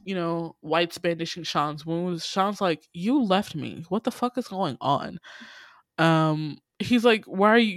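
A man casually recapping a TV series on a podcast, telling the story in lively bursts, acting out the characters' lines and swearing freely, with lots of "you know". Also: a little high, dry recording, clean studio sound. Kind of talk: casual chat.

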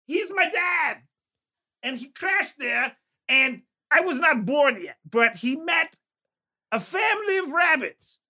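Guy doing a super high goofy old man winter, slow rambly and giggly. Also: sing-song, no echo, studio quality, full character voice. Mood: rambling. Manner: rambling, giggly, bursts into shouts. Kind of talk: improvised comedy sketch.

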